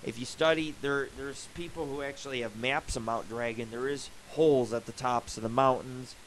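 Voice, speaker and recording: A man's voice: mid-range voice, fairly even intonation, normal speed, a little hiss or hum, rough recording. A man hosting a live internet radio show, rambling casually with lots of swearing and asides. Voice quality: profane, rambling storyteller.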